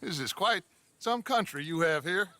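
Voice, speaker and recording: Brief: a grandiose, persuasive outlaw gang leader in a game; high-set voice. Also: male voice, expressive, normal speed. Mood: charming. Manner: theatrical, persuasive, smooth-talking. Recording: game audio with loud ambient noise.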